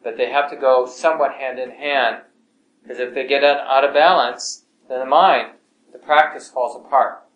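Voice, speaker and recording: A man teaching a meditation class in a calm, gentle way, his voice often sinking soft and low. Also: moderate pace. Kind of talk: relaxed meditation class talk. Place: class room with students. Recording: echoey room, faint ambience.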